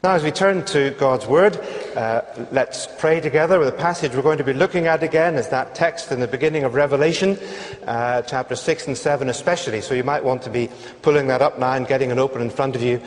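A man with a Northern Irish accent, a guest preacher giving a sermon in a gracious, measured way with frequent fillers. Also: medium pitch. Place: large church sanctuary. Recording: church sound with long reverb.

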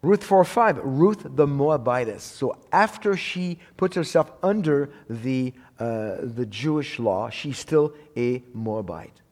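A middle-aged man preaches to his church, pressing his points emphatically and stumbling into quick repeats as he searches for the next phrase. His voice sits at an ordinary male pitch. Each line trails off into the long reverb of a large hall. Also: expressive, a little mellow. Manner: emphatic, repeats words and restarts, quotes scripture. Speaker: preacher teaching a church audience. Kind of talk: sermon.

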